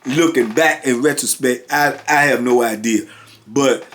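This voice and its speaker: A man's voice: mid-range voice, a little slow, a bit bright. A man in his fifties, a former prisoner, telling stories in a casual, rambling way full of "you know". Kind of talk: casual storytelling.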